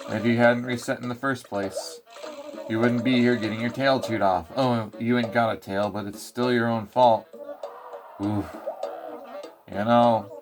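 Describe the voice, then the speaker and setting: Man playing blustery ranting mole, slangy tough-guy scolding, mid-pitched, over game music. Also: lightly acted. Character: gruff angry male mole scolding the player.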